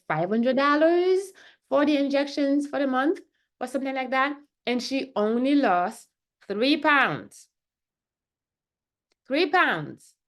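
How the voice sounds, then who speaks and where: A functional medicine doctor with a mid-range voice chats casually to the camera. She keeps checking in with listeners through frequent "right?" and "okay?".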